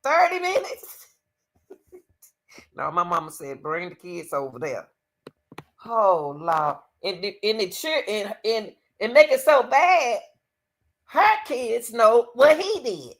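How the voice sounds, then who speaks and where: A woman's voice: on the high side, sing-song, slow, pauses often. A woman livestreaming reaction commentary on a court case, speaking emphatically to her viewers and often calling on the Lord. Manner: emphatic, exclaims to the Lord, talks to viewers as y'all.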